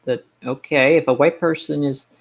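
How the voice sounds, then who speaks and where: Streamer guy, kinda high voice, rambly sarcastic rant, keeps restarting sentences. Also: fairly even intonation, moderate pace, creaky. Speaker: game streamer. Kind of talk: casual live-stream chat.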